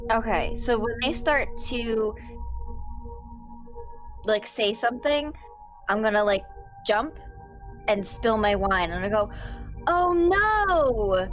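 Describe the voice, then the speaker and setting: A woman playing a tabletop game, chatting and asking quick questions, recorded with a dull lo-fi sound. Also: mid-range voice, fairly even intonation, over music. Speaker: player. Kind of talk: casual tabletop play.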